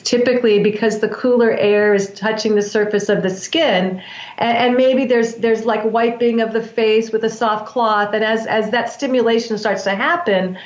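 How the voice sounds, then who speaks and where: A woman whose voice is on the high side appears as a guest on an interview show, explaining her breath work practice. Her manner is earnest and teaching, with frequent restarts, and the recording is roomy with a dull lo-fi sound.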